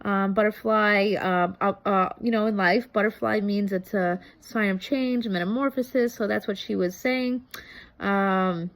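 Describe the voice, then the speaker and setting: A woman's voice: mid-range voice, steady tone, a little slow. A woman in her thirties chatting casually as a vlogger reviewing a TV show, rambling with many ums and restarts. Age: 30s. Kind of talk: casual chat.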